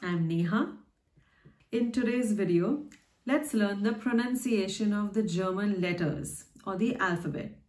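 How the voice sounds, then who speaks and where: A woman's voice: medium pitch, a little slow, darkish tone. A woman who hosts her own channel, patiently teaching how to pronounce letters and explaining them with everyday examples. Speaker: language teacher and channel host. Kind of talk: slow, careful teaching of pronunciation. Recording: echoey room.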